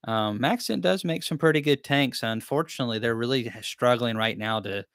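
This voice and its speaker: A man's voice: mid-range voice, brisk, fairly bright tone, clean tone, dry recording, clean studio sound. A man hosting a live-stream question-and-answer chat, talking in a rambling, easygoing, self-deprecating way. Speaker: beekeeping channel host.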